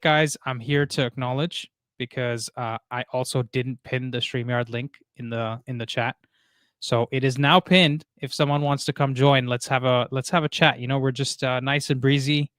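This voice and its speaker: A man hosting a casual live stream, reading chat messages aloud in a relaxed way, with plenty of fillers. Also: medium pitch, clean tone, dry recording, studio quality. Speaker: livestream host.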